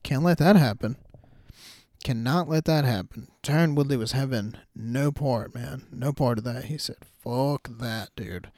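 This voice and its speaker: Young male podcast host, animated, cursing, mid pitch, dead dry mic. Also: measured pace, no room sound. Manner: animated, incredulous, swears freely. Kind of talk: casual combat sports chat.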